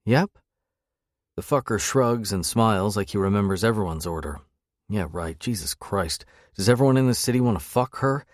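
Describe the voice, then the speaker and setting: A man's voice: fairly low pitch, fairly quick, no room sound, clean studio sound. A man narrating a first-person romance audiobook with a wry, sardonic edge. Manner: wry, sardonic inner monologue.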